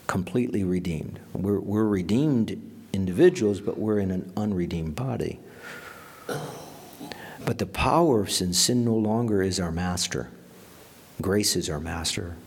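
Slow, husky male preacher. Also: fairly low pitch. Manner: emphatic, drops to a whisper for quoted prayers. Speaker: pastor. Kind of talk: sermon.

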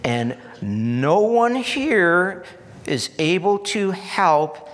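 A man preaching a sermon in an earnest, repetitive style, building to emphatic peaks and dropping to soft asides. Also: high-pitched, expressive, extremely slow, long reverb tail. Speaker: pastor.

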